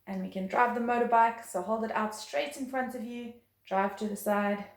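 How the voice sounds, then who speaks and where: A woman's voice: a little high, fairly even intonation, normal speed. A woman teaching a beginner violin lesson, patient and encouraging, counting rhythms aloud. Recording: roomy echo.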